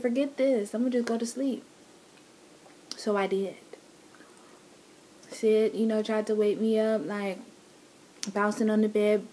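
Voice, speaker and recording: A woman's voice: medium pitch, warm tone, a little hiss or hum. A woman vlogger casually telling her love story, teasing and laughing with her partner.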